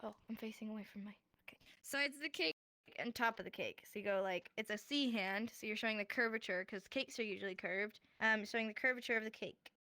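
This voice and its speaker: A woman's voice: medium pitch, fast talker, bright, forceful tone, dry recording. A woman teaching a casual online class, explaining step by step in an upbeat, joking way. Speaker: sign language teacher.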